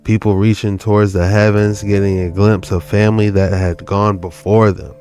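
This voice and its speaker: A man speaking earnestly and somberly, reflecting with some halting restarts. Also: on the low side, level tone, a little mellow. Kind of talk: casual spoken reflection.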